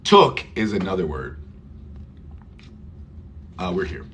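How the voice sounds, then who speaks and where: A man teaching English pronunciation in a live online class, who repeats words slowly for Spanish-speaking learners. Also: low voice, sing-song, a bit bright, slight background noise.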